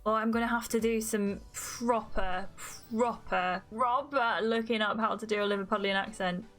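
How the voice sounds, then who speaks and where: A woman's voice: medium pitch, fairly even intonation, normal speed, fairly bright tone, soft background music. A young woman giving chatty, self-mocking commentary as she plays a dating game on her channel. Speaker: gaming YouTuber. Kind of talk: casual gameplay commentary.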